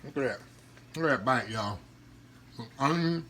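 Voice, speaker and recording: A man's voice: mid-range voice, expressive, normal speed, sharp tone, a little hiss or hum. A man, hosting a casual cooking vlog, chatting to viewers as he tastes his food and hums between bites. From Southern US countryside. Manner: chatty, addresses viewers as y'all, hums while chewing. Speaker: cooking channel host. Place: home kitchen. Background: faint clatter of dishes and cutlery.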